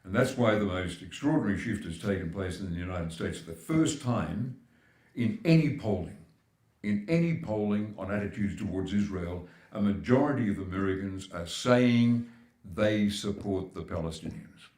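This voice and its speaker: Older Australian man, very deep voice, emphatic keynote speaker, echoey hall. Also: moderate pace, a little mellow. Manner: emphatic, building points with repetition. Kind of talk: public speech at a forum. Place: large hall at a live forum.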